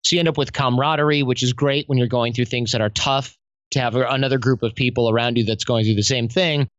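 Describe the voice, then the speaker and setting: Animated slangy man on a podcast. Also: mid-range voice, fast talker, dry recording, dull audio. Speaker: podcast guest, self-development coach. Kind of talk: casual conversational interview.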